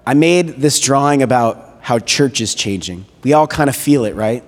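A man giving a sermon as a guest preacher, retelling a story in a conversational, animated way with casual fillers. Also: medium pitch, moderate pace. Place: church hall. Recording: echoey hall reverb.

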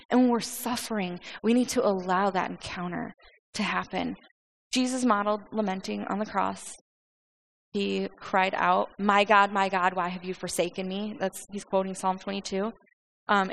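A woman giving an informal sermon in a lively, conversational way. She often restarts and repeats words. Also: mid-range voice, creaky, poor audio. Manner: animated, conversational, acts out quoted speech. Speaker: preacher.

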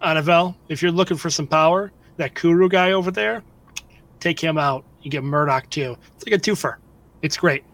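Joking quick-talking male player. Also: fairly high pitch, a bit bright. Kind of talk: casual banter in a tabletop game.

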